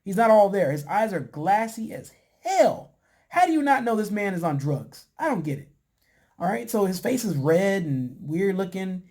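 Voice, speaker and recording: A man casually recapping a reality show, talking in a relaxed, chatty way with lots of fillers and putting on voices for quotes. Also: moderate pace. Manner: laid-back, chatty, lots of "you know" and "man"; acts out quotes in a higher voice. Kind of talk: casual chat.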